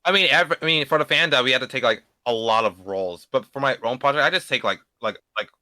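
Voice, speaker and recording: A man's voice: medium pitch, bright, forceful tone, no room sound. A young man in his late teens, a beginner voice actor, talking casually as an interview guest and often restarting his sentences. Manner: halting, repeats and restarts words.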